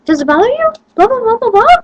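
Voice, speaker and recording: A woman's voice: very high voice, big pitch swings, quick pace, no room sound, dull audio, faint music behind, pitched above the performer's own voice. A young woman voicing a pushy, chattering female English teacher who repeats herself and talks on and on. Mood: insistent. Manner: insistent, repetitive, talks on and on.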